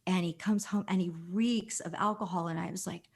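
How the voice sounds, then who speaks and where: Woman, 50s, from New Jersey, podcast guest; slightly low voice, animated storyteller with a casual, filler-heavy delivery. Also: a little fast, breathy edge.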